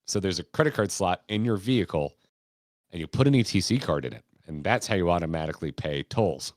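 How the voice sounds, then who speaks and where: A man's voice: low-pitched, expressive, fairly quick, a little mellow, dry recording, studio quality. An American man from Florida hosting a podcast, telling stories in a rambling, laid-back way, laughing and swearing casually. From Florida, United States. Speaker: podcast host.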